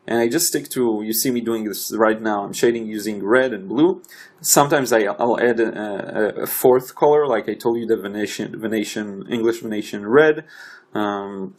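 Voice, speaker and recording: A young adult man casually narrating his own painting session as a voice-over, halting and often restarting his sentences. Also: medium pitch. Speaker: watercolor artist and channel host.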